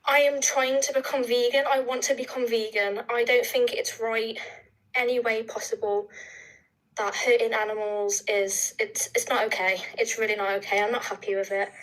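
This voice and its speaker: Hesitant bright-voiced woman caller. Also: fairly high pitch, rough recording. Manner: hesitant, full of ums, reads slowly. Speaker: caller on a live stream. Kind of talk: casual call-in chat.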